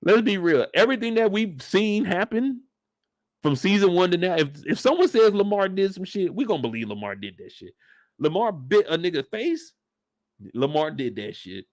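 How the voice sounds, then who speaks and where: Animated, profane male show recapper. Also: sits high, normal speed, no room sound, clean studio sound. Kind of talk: casual episode breakdown.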